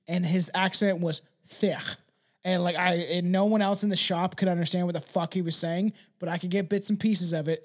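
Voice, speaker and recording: A man co-hosting a podcast in casual chat, rambling and profane, laughing easily and dropping into a mumble. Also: sits high. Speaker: podcast co-host.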